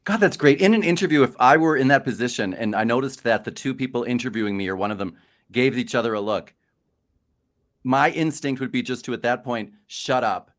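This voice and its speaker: A man's voice: medium pitch, a little fast. A man co-hosting a casual chat about job hunting, rambling and self-deprecating. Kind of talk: casual video-call chat.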